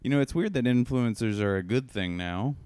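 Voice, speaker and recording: A man's voice: medium pitch, lively intonation, a little fast, a little mellow, clean tone, no echo. A man co-hosting a comedy podcast from home, rambling and joking casually with lots of fillers.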